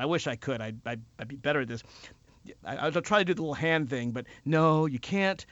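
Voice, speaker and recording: A man's voice: high voice, a bit bright, no echo, dull audio. A man delivering a sarcastic, mocking political monologue full of rhetorical questions. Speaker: political commentator.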